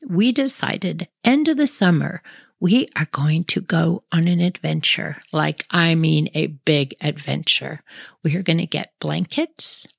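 A woman telling a personal story in a casual, animated way, with sound effects and acted-out quotes. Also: sits low, unhurried, vocal fry, husky, no echo.

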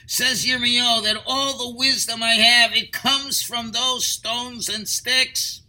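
A man's voice: extremely high pitch, fairly even intonation, takes it slowly, pushed and bright, poor audio. A man teaching a Torah lecture as a rabbi, explaining earnestly through stories and rhetorical questions.

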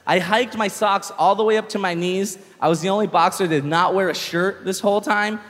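A young man doing stand-up comedy, telling a story in an animated way, swearing freely and acting out shouts. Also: high-pitched, fairly quick, big-room sound.

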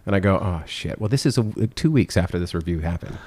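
A middle-aged man, a food critic and TV judge, telling stories in a casual interview, rambling and animated with lots of fillers. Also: low-pitched, fast talker, breathy edge. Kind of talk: casual storytelling in a podcast interview.

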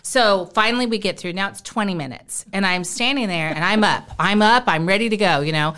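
Middle-aged female guest, casual chatty anecdote, medium pitch. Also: fairly quick, a bit bright. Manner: chatty, acts out quoted lines. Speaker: guest on a talk show. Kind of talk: casual storytelling.

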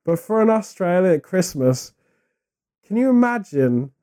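A man co-hosting a casual podcast, talking in a loose, rambling way full of jokes. His voice is dark and mellow and sits a little high for a man. He says he has a cold. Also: normal speed. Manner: rambling, jokey, animated asides. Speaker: podcast co-host. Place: living in Japan.

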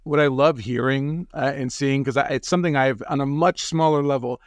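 A man hosts a relaxed interview, reacting briefly and chatting easily with his guest. His pitch sits in the middle of the range. The sound is dry and close. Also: fairly quick, no room sound. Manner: brief encouraging interjections and laughter. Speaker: podcast host. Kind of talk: casual interview chat.

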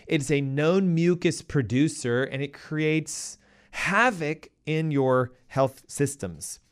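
A man's voice: fairly high pitch, clean tone. Emphatic male health show host. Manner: emphatic, punchy, rhetorical questions and quick asides. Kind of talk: energetic health advice talk.

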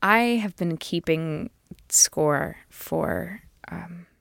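A woman's voice: on the low side, very slow, gravelly, fairly bright tone, no echo, studio quality. A woman improvising a comedy scene, talking in a chatty, flustered way as she switches between characters. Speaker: comedy podcast co-host.

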